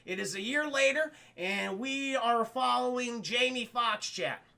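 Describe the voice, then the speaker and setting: Bright, gravelly man reviewing films. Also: very high voice, measured pace. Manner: animated, swears freely, acts out scenes with exclamations. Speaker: film reviewer and streamer. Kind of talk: casual spoiler review chat to a live stream audience.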